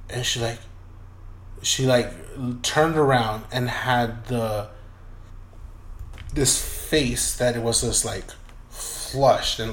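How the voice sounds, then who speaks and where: A man's voice: mid-range voice, fairly bright tone. A man telling a personal story in a casual, loose way, full of swearing, who acts out the voices of the people in it. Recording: roomy echoey room.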